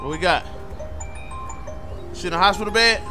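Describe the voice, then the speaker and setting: A man giving loud, profane, joking commentary on a game as he plays, talking back to the characters. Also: sits high, moderate pace, music in the background. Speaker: gamer. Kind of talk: comedic gameplay commentary.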